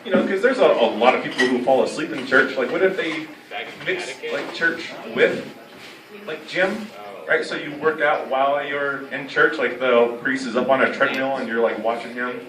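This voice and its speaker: A young man doing a stand-up comedy set, rambling and halting, full of "like" and "you know". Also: medium pitch, crowd noise. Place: comedy club stage. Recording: echoey room, heard from a distance. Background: audience laughter.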